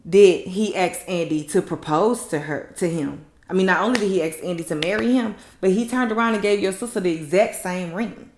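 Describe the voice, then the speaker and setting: Animated woman recapping a show, echoey room. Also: fairly low pitch, normal speed, hardly any pauses. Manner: animated, blunt, slangy storytelling with mocking quotes. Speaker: TV recap host. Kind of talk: casual recap talk.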